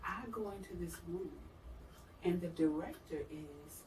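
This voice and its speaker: Middle-aged woman, interview guest, animated storyteller who mimics others; distant mic, roomy sound. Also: unhurried. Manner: animated, acts out quoted voices with big pitch jumps. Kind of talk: personal storytelling. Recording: roomy, from far off the mic, faint noise.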